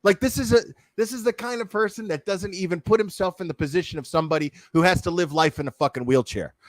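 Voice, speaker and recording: A man's voice: high voice, quick pace, dry recording. Profane, heated man ranting on stream. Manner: profane, heated, talks straight to chat. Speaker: streamer commenting on a video. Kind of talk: casual ranting commentary.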